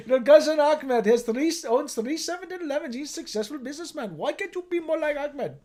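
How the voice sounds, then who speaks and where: A man's voice: extremely high pitch, animated, normal speed, darkish tone. A man putting on an Indian accent to voice a nagging father who scolds his grown daughter over and over. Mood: scolding. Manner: mock-scolding, repetitive, exasperated.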